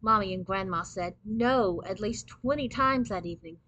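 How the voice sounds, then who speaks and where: A woman reading a children's book aloud in clear, steady storybook narration. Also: mid-range voice, brisk, dry recording, rough recording.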